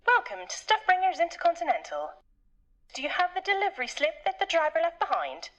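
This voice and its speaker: An actress voicing a brisk, officious female clerk at a delivery company. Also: very high-pitched, wildly swooping pitch, fairly bright tone, dull audio, exaggerated voice. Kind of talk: video game voice acting.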